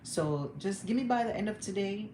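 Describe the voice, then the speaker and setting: A woman's voice: medium pitch, expressive, moderate pace. A young woman talking candidly and emotionally to her viewers, laughing now and then as she vents. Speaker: vlogger. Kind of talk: casual livestream chat. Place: home room. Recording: echoey room with background noise.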